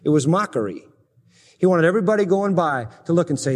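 A man's voice: on the high side, animated, a little fast. A man preaching an expository sermon, emphatic, swinging his voice up and down to stress points. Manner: emphatic, rising and falling for stress. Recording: reverberant hall.

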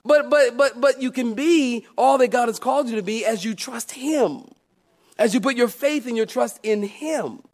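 A male pastor preaching a sermon, calling out to the congregation and swinging from soft, confiding asides to loud, emphatic declarations. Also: very high-pitched, moderate pace. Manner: calls out to the congregation.

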